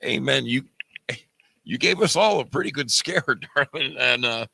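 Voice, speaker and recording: A man's voice: medium pitch, expressive, normal speed, gravelly, breathy edge, no room sound. A man hosting a live call-in show, effusive and full of laughter, thanking a caller. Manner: effusive, warm-hearted, laughing. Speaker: host.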